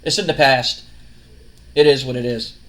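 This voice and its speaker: A man voicing a calm, self-assured male wrestler in a laid-back, dismissive way. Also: mid-range voice, normal speed, pitched below the performer's own voice, natural voice. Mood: cool. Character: cool, confident male wrestler.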